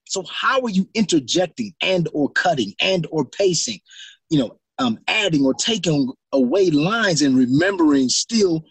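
A man's voice: a little high, very animated, moderate pace, slightly rough, no echo. A middle-aged man, an actor, telling stories in an interview and acting out his own reactions. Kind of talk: interview storytelling.

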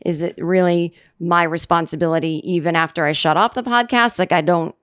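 A woman's voice: on the low side, steady tone, fairly quick, a bit bright. A middle-aged woman hosting a solo comedy podcast, talking into a studio microphone in a sarcastic, rambling way full of self-deprecating asides. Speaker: podcast host.

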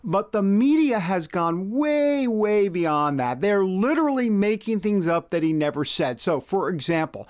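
A man hosting a casual political commentary podcast from a news studio, talking animatedly, with wry asides and pushing up his voice on words he wants to stress. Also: high voice. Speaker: podcast host.

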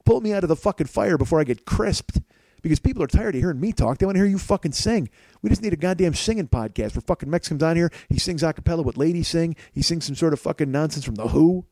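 A podcast host talks from his home kitchen, rambling casually, cursing freely, and mocking himself. He speaks fast in a fairly high, expressive voice with a dark tone, captured in a dry recording.

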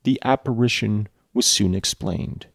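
Gravelly low-voiced man reading with sarcastic asides. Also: unhurried, a bit bright, no echo, studio quality. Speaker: reader and commentator. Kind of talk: reading a novel aloud with commentary.

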